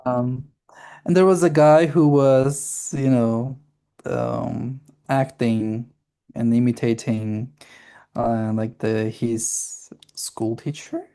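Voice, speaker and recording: Low, slow, mellow-voiced Armenian-accented woman. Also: fairly even intonation. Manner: teasing, playful, lots of fillers. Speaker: podcast co-host, English teacher. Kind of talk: casual chat.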